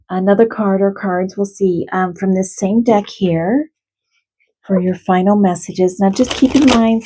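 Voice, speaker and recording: A woman who is an animal communicator and card reader, giving a spiritual card reading to viewers in a gentle, heartfelt and reassuring way. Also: mid-range voice, noisy background.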